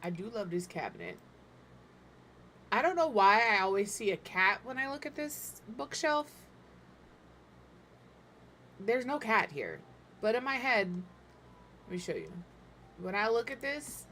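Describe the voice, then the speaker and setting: A woman in her thirties, a game builder streamer, chats casually as she builds, thinking aloud, poking fun at herself, and sometimes talking with her mouth full while eating. Her mid-range voice has a sing-song lilt and a slightly bright tone, moving at normal speed with long pauses. There's slight background noise.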